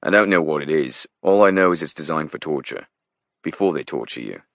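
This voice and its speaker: Male narrator as a wry, blunt British spy, very deep and matter-of-fact, in a dull, dry recording. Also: expressive, brisk, vocal fry, dry recording, exaggerated voice.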